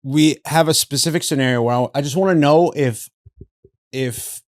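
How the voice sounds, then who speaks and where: A man hosting a podcast, telling a story animatedly, acting out quotes with big jumps in pitch and laughing through it. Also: normal speed, no room sound, studio quality. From Southern California. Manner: laughs through his stories, says "bro". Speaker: podcast host. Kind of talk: casual storytelling.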